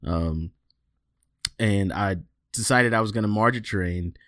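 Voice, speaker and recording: A man hosting a casual podcast, reading headlines and telling stories in an animated way, swearing freely and laughing often. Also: lowish voice, measured pace, no room sound, studio quality. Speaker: podcast host.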